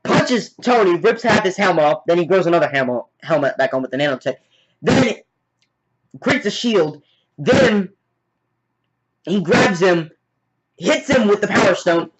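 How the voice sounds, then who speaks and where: A man giving a casual movie review, retelling scenes as excited play-by-play with sound effects. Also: high voice, measured pace, long pauses, slightly rough. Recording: dull lo-fi recording.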